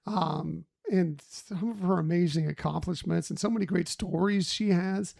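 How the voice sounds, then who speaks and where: A man's voice: sits high, normal speed, creaky, a little mellow. A man co-hosting a podcast, chatting casually with rambling, chuckling asides. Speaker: podcast co-host. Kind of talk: casual chat.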